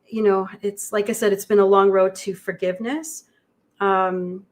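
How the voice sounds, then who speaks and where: Woman guest, halting and reflective, flat delivery, mid pitch. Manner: halting, reflective, many pauses. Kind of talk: livestream conversation. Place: indoor studio.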